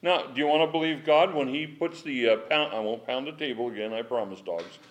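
A middle-aged man teaching an informal Bible study from home, emphatic and animated, with a strained voice and chuckling asides. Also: medium pitch, brisk, dull audio, a crowd in the background. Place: at home with dogs.

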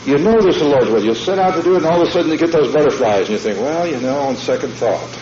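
A man's voice: a little high, lively intonation, rapid-fire, background noise. A man preaching a sermon in a folksy, emphatic way, often checking in with the congregation. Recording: dull lo-fi sermon tape in an echoey hall.

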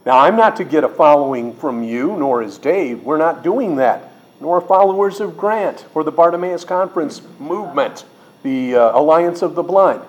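A middle-aged man, a pastor teacher, preaching a sermon in an emphatic way, slowing and rising on quoted words. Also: fairly high pitch, lively intonation, dull audio.

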